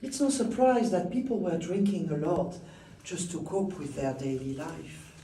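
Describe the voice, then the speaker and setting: A man's voice: high voice, a little slow, mellow, recorded from a distance, soft background music. A man leading a guided tour and telling its stories in a theatrical manner, chuckling often. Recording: echoey room from afar with faint ambience.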